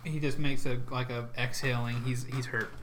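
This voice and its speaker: A man's voice: mid-range voice, level tone, normal speed, a bit bright, a little hiss or hum. A man running a tabletop game as game master, describing the action in a loose, chatty way with plenty of fillers.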